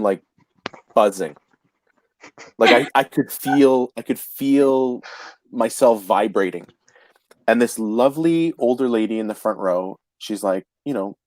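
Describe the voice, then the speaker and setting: A man, telling a casual anecdote in a chatty, animated way with frequent restarts. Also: lowish voice, moderate pace, no room sound. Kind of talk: casual storytelling chat.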